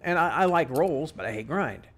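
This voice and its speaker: A man hosting a casual gaming chat while he plays, rambling and full of restarts and animated complaints. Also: fairly high pitch, normal speed. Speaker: gaming podcast host.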